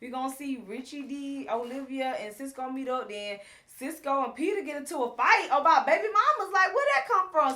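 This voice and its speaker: A woman co-hosting a casual chat, retelling reality TV scenes at length in an animated, talkative way. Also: high-pitched, brisk, hardly any pauses. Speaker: co-host reviewing a reality show.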